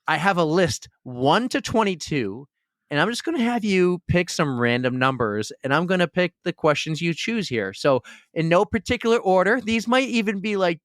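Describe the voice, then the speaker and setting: A man co-hosting a podcast in casual chat, playful and excitable with exclamations. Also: high-pitched, moderate pace, dry recording, studio quality. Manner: playful, animated, says "dude" and "oh my God". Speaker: podcast co-host.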